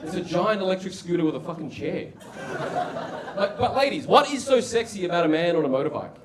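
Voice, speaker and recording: A man with an Australian accent doing an animated, mocking stand-up bit aimed at the audience. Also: sits high, a little fast, distant mic. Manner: animated, mocking crowd work. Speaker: stand-up comedian. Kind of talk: stand-up comedy set. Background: loud crowd laughter.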